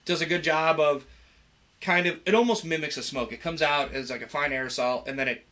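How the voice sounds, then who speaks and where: A young adult man chats casually as a guest on a livestream. He sounds easygoing and laughs often, with a bright, forceful voice pitched somewhat high. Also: brisk. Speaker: production manager guest.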